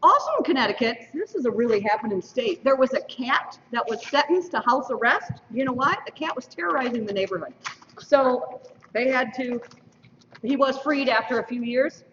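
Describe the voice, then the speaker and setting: A woman's voice: fairly high pitch, normal speed, fairly bright tone, distant mic, a little hiss or hum. A woman emceeing a school mock election, reading out results and tossing in playful trivia asides to an audience. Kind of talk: lively announcing to an audience. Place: school hall. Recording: dull lo-fi stream, roomy hall from afar.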